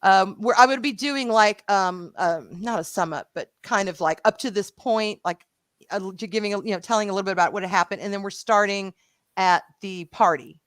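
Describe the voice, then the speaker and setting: A woman with a Southern drawl co-hosts a casual live stream, talking in a lively, animated way and swearing freely. Her voice is bright and forceful. The sound is dry and close. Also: mid-range voice, a little fast, dry recording. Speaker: co-host of a live show.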